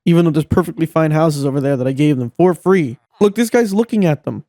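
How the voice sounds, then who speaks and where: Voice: mid-range voice, animated, fast talker, warm tone, dry recording, studio quality. A gameplay commentator talking casually, exasperated and swearing often, scolding game characters, with the voice leaping up when frustrated.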